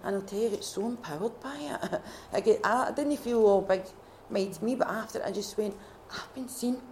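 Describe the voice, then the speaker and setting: A Scottish woman speaks to a retreat gathering, telling her own faith story. Her delivery is heartfelt and halting, full of restarts and self-corrections. Her voice sits at an ordinary middle pitch, with a faint hum of noise behind her. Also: a little mellow. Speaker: retreat participant sharing testimony. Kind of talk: personal faith testimony.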